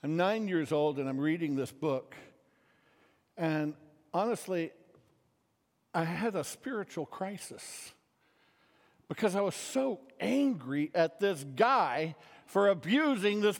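A man's voice: high-pitched, expressive, takes it slowly, long pauses, long reverb tail. A man telling a story in a sermon, in a casual, rambling way full of fillers.

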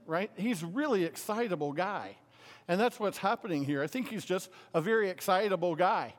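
A man's voice: sits high, big pitch swings, moderate pace. A middle-aged man preaching a casual, conversational sermon, talking animatedly and filling his speech with everyday fillers. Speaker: pastor. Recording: long hall reverb.

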